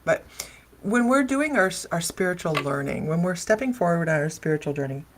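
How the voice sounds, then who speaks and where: A woman's voice: lowish voice, expressive, fairly quick, noisy background. A middle-aged woman hosting a casual livestream chat as a psychic medium, talking in a loose, wandering way and laughing often. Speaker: psychic medium and live show host.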